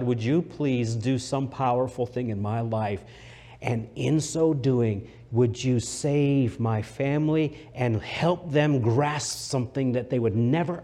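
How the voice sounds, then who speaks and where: A middle-aged man preaching a sermon, dropping to a near whisper and then rising loud and fervent, slowing down to stress key words. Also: mid-range voice. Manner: swings from hushed to loud and fervent; slows down for emphasis.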